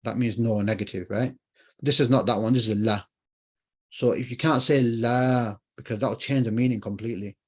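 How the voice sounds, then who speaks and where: Over dull audio, a man with a husky, mid-range voice leads an online Arabic lesson at normal speed, his intonation fairly even. He explains things patiently, repeats key phrases, and asks questions only to answer them himself.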